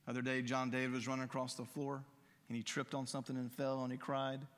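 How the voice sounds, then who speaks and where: A man's voice: mid-range voice, completely flat delivery, fast talker, a bit bright. A man preaching a sermon as pastor, earnest and rising in fervor on key phrases, then leading a closing prayer in a church. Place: church sanctuary. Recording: long reverb of a church hall.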